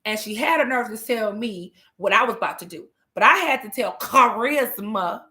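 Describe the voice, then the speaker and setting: A woman's voice: a little high, expressive, moderate pace, bright, forceful tone. A woman imitating her dramatic eight-year-old daughter, who has plenty of attitude. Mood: sassy.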